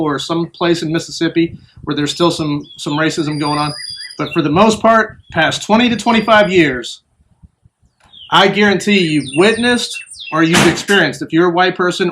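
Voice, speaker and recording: High-voiced man telling a story. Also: a bit bright, slight background noise. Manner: storytelling, acts out quoted voices. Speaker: vlogger. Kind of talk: casual monologue.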